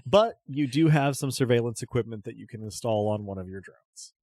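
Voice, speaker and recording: Narrating a tabletop session as game master, a man lays out scenes casually and often uses fillers. The studio-quality recording is dry, capturing his brisk, mid-range voice.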